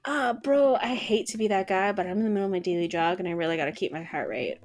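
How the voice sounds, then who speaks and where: A woman's voice: medium pitch, quick pace, natural voice. A woman voicing a laid-back, sporty young father who talks like an easygoing bro. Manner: easygoing surfer-bro drawl.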